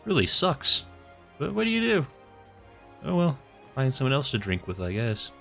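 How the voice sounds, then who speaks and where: A man's voice: mid-range voice, wildly swooping pitch, normal speed, creaky, bright, forceful tone, faint music behind, pitched above the performer's own voice, exaggerated voice. A man voicing a careless male tavern regular who shrugs off a friend's death with breezy, clipped talk. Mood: flippant. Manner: breezy, flippant, dropped words.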